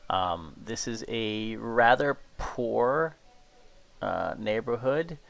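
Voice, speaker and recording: A man running a tabletop horror game as game master, describing scenes in an unhurried way with many fillers. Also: on the low side, lively intonation, vocal fry, a bit bright.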